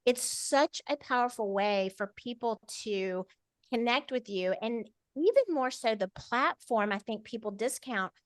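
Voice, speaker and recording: A middle-aged woman talks on a podcast as a guest. She is energetic and persuasive, her voice sits a little high, and it comes across dry and close. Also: a little slow, no room sound. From Georgia, US. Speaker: podcast guest, media consultant. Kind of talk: casual interview chat.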